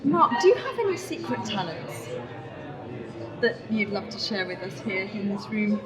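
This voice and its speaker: A woman's voice: medium pitch, big pitch swings, moderate pace. A woman with a British accent interviewing a guest in a chatty, encouraging way. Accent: British English. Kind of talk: casual interview. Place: busy wine tasting room. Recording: busy crowd behind. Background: crowd chatter.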